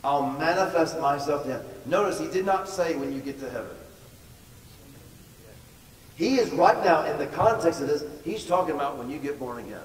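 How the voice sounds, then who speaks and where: A man's voice: on the high side, lively intonation, normal speed. A male pastor telling a story in a sermon, stressing words by repeating them. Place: large church hall. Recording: echoey hall from far off, faint noise.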